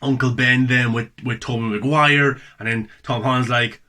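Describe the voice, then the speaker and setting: A man's voice: mid-range voice, fairly even intonation, moderate pace, hardly any pauses, bright, forceful tone. A man hosting a casual spoken movie review, enthusiastic and repeating words for emphasis.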